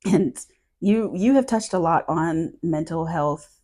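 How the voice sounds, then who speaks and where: A woman's voice: lowish voice, slow pace, dark tone. A woman hosting a podcast in casual chat, thoughtful and searching for her words as she talks. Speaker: podcast host.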